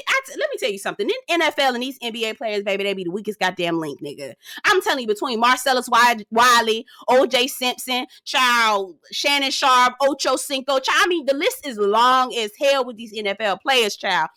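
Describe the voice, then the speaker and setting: Woman host, young adult, sassy ranting commentary, high forceful voice, dry close sound. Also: expressive, brisk, few pauses, no echo. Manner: sassy, hollering, talks straight to viewers.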